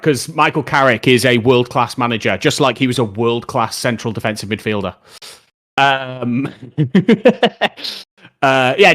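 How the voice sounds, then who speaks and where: A man's voice: mid-range voice, fairly bright tone. A young man streaming live, chatting casually about football and answering viewer questions in a rambling, opinionated way.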